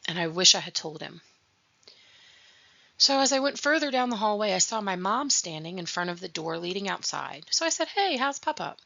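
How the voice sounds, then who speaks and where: A woman's voice: on the low side, expressive, normal speed, creaky, pushed and bright, slight background noise. A young adult woman hosting a podcast, telling a personal story of grief in an earnest, reflective way. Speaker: podcast host. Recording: dull lo-fi recording.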